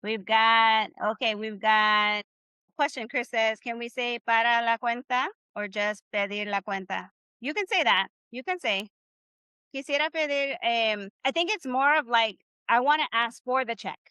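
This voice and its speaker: A woman's voice: a little high, unhurried, bright, forceful tone, clear, resonant tone, no room sound, muffled recording. A woman teaching Spanish in a live online class, upbeat and encouraging, leading the class in repeating phrases. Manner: upbeat, encouraging, leads call-and-response drills.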